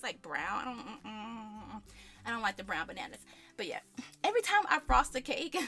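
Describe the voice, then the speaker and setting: Bright, chatty woman hosting a cooking show. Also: high-pitched. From American South. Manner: chatty, friendly asides to viewers. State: out of breath. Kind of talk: casual cooking demonstration.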